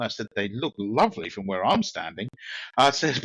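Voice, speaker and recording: A man's voice: medium pitch, big pitch swings, normal speed, sharp tone, no room sound, poor audio. A man with a London accent, a podcast co-host telling a rambling, cheeky anecdote with lots of restarts and laughs. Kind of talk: casual storytelling chat.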